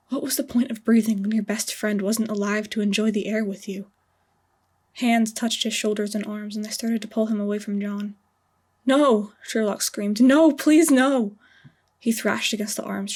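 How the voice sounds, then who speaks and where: A woman narrates her own story in a slow, hushed audiobook style. Her voice is breathy and husky, keeping an even, narrow pitch. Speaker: fanfiction author reading her story.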